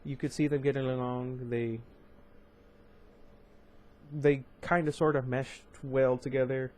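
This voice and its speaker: A man's voice: mid-range voice, flat delivery, a little slow, darkish tone. A young man reading a novel aloud on his channel, breaking off into casual, chatty asides with fillers and restarts. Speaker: audiobook reader and channel host. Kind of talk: amateur book reading with commentary.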